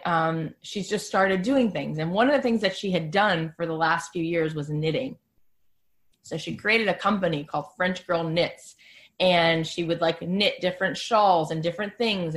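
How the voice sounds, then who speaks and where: A woman podcast host telling a story in a casual, chatty way, full of "like" fillers. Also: lowish voice.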